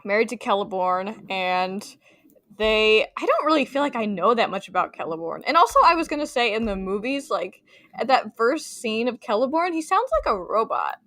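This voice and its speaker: A woman's voice: on the high side, very animated, moderate pace, sharp tone, no echo, studio quality. A woman co-hosting a casual book discussion podcast, chatty with many fillers and playful quoted voices. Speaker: podcast co-host.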